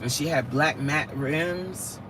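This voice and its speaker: A woman from New York hosts a live stream from her car in snowy weather, chatting casually while driving in slangy talk and laughing often. Her voice is low and slow. Loud engine and road noise fill the recording.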